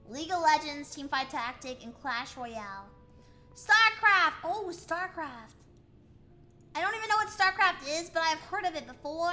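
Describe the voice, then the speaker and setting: A woman from the United States streaming as a VTuber, chatting in a playful, questioning way. Her voice sits high and sounds bright, with faint music playing underneath. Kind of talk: casual livestream chat reading chat aloud.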